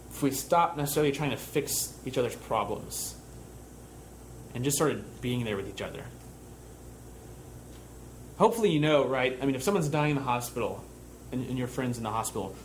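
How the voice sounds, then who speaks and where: A man's voice: on the high side, slight background noise. A young man preaching a sermon in a conversational way, telling a camp story with frequent fillers and restarts. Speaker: camp counselor giving a church talk.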